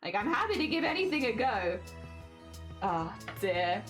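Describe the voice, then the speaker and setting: A woman streamer in casual live-stream chat with a high-pitched voice, chatty and self-deprecating, often giggling. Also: big pitch swings, normal speed, soft background music.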